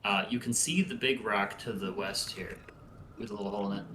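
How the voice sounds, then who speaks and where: A man narrating a tabletop game as game master, with relaxed storytelling and hesitant fillers. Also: fairly low pitch, a little fast, reverberant, a little hiss or hum.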